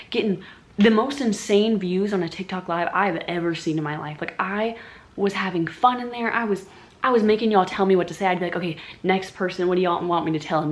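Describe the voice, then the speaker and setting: A young woman telling a casual storytime vlog, animated and profane, often talking straight to her viewers. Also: mid-range voice, fairly quick. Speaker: vlogger.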